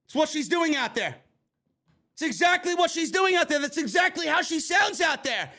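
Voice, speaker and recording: A man's voice: extremely high pitch, very animated, normal speed, pushed and bright. A man reviewing a wrestling show in an angry, sarcastic rant full of swearing. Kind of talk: profane ranting show review.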